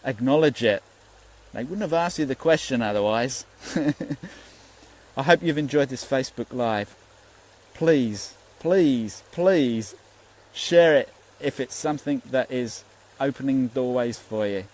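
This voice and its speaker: A man's voice: medium pitch, slow pace, a little mellow, rough recording. A man, a spiritual teacher giving an earnest, rambling Facebook Live talk and swearing freely.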